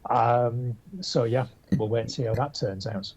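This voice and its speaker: A man's voice: medium pitch, fairly even intonation, measured pace, darkish tone, highs cut off. A man co-hosting a casual pop culture podcast, speaking with enthusiasm but hesitating often. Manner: enthusiastic, hesitant, with many restarts. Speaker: podcast co-host.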